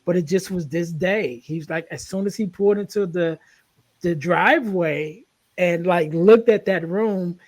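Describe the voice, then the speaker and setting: A man's voice: high voice, moderate pace, no room sound. A man hosting a podcast, telling stories in an earnest, rambling way with many restarts. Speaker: podcast host. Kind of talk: casual conversational storytelling.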